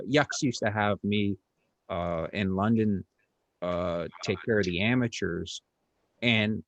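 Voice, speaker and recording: A man's voice: on the low side, creaky, no echo. A middle-aged man, a comedian hosting an interview, telling a story in a casual, rambling way with lots of fillers, restarts and blunt, crude words.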